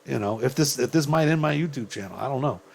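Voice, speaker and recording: A man's voice: mid-range voice, lively intonation, quick pace, gravelly. Angry cursing man ranting. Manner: angry, profane, rhetorical questions. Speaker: YouTuber ranting to viewers. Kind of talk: heated opinion rant.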